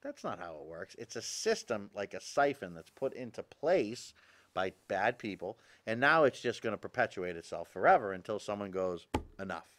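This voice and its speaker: Emphatic talk show host with lively pitch. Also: male voice, moderate pace. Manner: emphatic, rhetorical questions, addresses audience as folks. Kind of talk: political commentary monologue.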